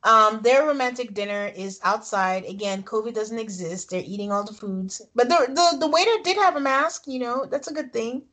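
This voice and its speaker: A woman co-hosting a podcast, recapping a reality show episode in casual, animated chat. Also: a little high, normal speed, hardly any pauses. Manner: animated storytelling, frequent laughs. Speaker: podcast co-host.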